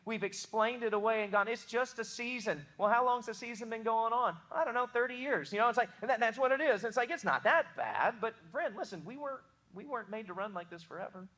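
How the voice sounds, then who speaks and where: A young adult pastor with a Southern American accent, preaching a sermon in an earnest, emphatic way, often restarting words. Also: male voice, extremely high pitch, fast, hardly any pauses, a bit bright.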